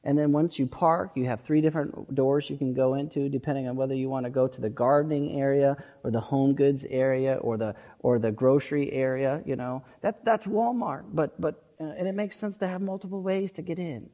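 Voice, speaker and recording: A man's voice: medium pitch, fairly even intonation, brisk, few pauses, dull audio. A male pastor giving an emphatic, earnest sermon and repeating words for stress. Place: church sanctuary. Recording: long reverb of a church sanctuary.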